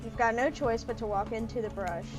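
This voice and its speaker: A woman's voice: fairly high pitch, brisk, music in the background, rough recording. A woman streaming a dating sim, chatting playfully and reading the story text aloud with a lot of giggling. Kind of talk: casual gaming commentary, reading game text aloud.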